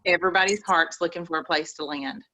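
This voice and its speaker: A woman's voice: on the low side, fast talker, pushed and bright, a little hiss or hum, poor audio. A woman with an East Texas accent giving folksy, preachy motivational advice on a group call. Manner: folksy, preachy, says y'all.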